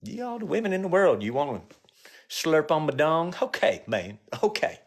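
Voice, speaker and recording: Middle-aged male comic, slightly high voice, crude riffing with live viewers, low mutters and sudden high yelps. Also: big pitch swings, normal speed. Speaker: comedian live-streaming. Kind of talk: rambling live-stream banter with viewers.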